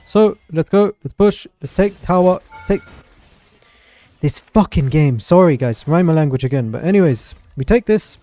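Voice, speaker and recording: A young man streaming a video game, chatting excitedly through the match and answering his chat. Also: a little high, moderate pace, faint music behind. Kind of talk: live gameplay commentary.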